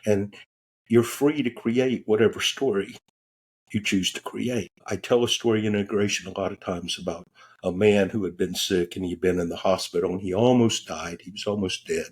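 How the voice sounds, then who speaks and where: A man's voice: lowish voice, steady tone, moderate pace, slightly rough. A man who is a guest on a podcast, telling a story in a casual, candid way and cursing now and then. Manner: casual and candid, swears freely. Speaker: guest, transformational coach. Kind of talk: conversational storytelling.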